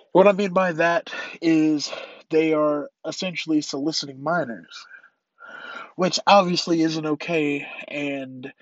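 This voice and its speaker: A stuffy-nosed young man hosts his own casual podcast, rambling and stumbling over his words as he talks, with some cussing. His voice sits a touch high for a man. The recording is dry and a little dull. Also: no room sound. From North Carolina. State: congested, stuffy nose. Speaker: podcast host. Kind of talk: casual solo commentary.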